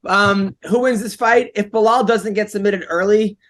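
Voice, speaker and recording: A man co-hosting a fight podcast, chatting casually and rambling, getting loud when doing bits. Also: sits high, steady tone, normal speed. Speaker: podcast host. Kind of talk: casual chat.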